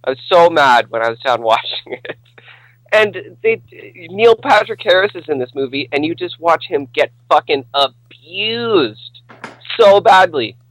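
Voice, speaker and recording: A man's voice: a little high, animated, measured pace, fairly bright tone, no echo, low-quality recording. A man co-hosting a podcast, ranting angrily and swearing through casual chat. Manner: angry, profane, ranting. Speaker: podcast co-host.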